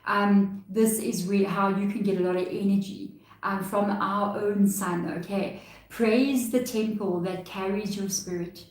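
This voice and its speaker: A woman's voice: mid-range voice, steady tone, measured pace. A woman with a South African accent giving a chatty, reassuring live tarot reading, laughing often. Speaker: tarot reader. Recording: echoey room, mic far off.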